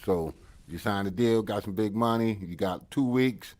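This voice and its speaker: Chill co-host guy, lowish voice, slangy, says stuff twice. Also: moderate pace, a little mellow. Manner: repeats himself, easygoing slang. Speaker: podcast co-host. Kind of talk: casual interview chat.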